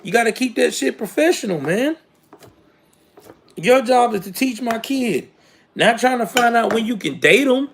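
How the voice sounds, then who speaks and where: A man's voice: very high-pitched, animated, normal speed, gravelly, long pauses, a little hiss or hum. A man in his late thirties hosting a live commentary show, ranting in casual, slangy talk that rises to indignant outbursts. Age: late 30s.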